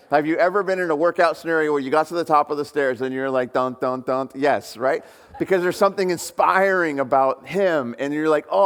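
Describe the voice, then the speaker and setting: A man's voice: medium pitch, fairly bright tone, big-room sound. A male pastor from the United States preaching a sermon in a conversational way, putting questions to the congregation. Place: church hall.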